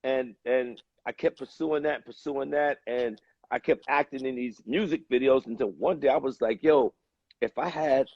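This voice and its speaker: A man from the United States, a guest telling a story in a relaxed, rambling way, with many pauses and fillers. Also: mid-range voice, husky, dry recording, lo-fi sound. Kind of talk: casual storytelling.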